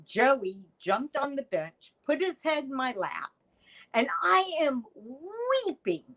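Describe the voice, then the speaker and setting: Guest, middle-aged woman, unhurried delivery, animated storyteller. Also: high-pitched, low-quality recording. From United States. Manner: animated storyteller, acts out quoted lines. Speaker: podcast guest, artist. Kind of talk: storytelling interview chat.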